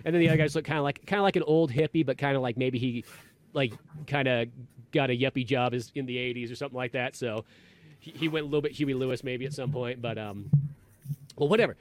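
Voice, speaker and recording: A man hosting a podcast, telling a rambling, animated story in casual chat and acting out quotes in a raised voice. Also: mid-range voice, fast talker. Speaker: podcast host.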